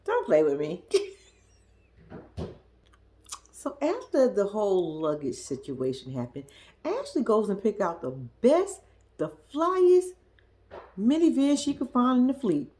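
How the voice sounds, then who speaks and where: A woman's voice: medium pitch, huge pitch swings, slow pace, pauses often, mellow. A young woman giving a sassy, slangy recap of a reality show, mimicking the cast in squealing voices. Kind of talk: casual recap commentary.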